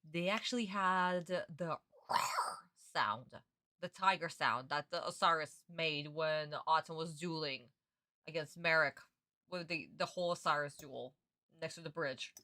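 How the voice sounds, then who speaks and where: A woman's voice: lowish voice, a little slow, pushed and bright, no echo, studio quality. Exasperated, swearing young woman streamer. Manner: exasperated, profane ranting. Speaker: streamer reacting to an anime. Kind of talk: casual live-stream reaction.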